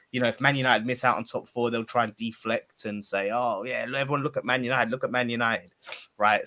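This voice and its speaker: A man chatting as a guest on a casual football podcast, lively and jokey. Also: mid-range voice. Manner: lively, jokey, mimics other fans.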